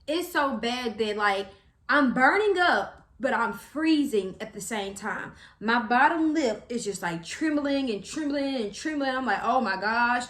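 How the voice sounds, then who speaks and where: A young woman, telling a story to camera in a chatty, animated way, with slang and acted-out quotes. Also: fairly high pitch, measured pace, echoey room. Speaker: vlogger.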